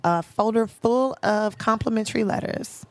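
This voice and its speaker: A young adult woman, a guest comedian, telling lively stories in casual podcast chat and laughing often. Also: fairly high pitch, moderate pace, no echo. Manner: animated storyteller, acts out voices, laughs often.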